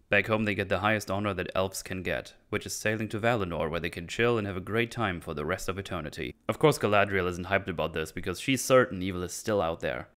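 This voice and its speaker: A man's voice: sits low, fairly bright tone, clean tone. A man hosting a casual recap, sarcastic and irreverent as he mocks plot holes. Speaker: channel host reviewing a series.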